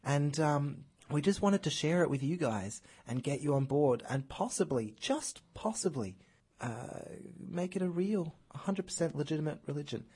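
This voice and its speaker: A husky-voiced man hosting a casual radio show from the studio. He jokes at his own expense and keeps the segments moving along. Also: a little high, lively intonation, normal speed, warm tone. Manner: joking, self-mocking, steers the show. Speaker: radio host.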